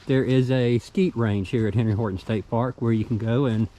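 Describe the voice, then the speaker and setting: This hiking vlogger is a middle-aged man with a Southern drawl, talking casually through a forest walk and showing off what he spots on the trail. He speaks at a moderate pace with medium pitch, a steady delivery and a dark tone, relaxed but excited by little discoveries. The audio is poor.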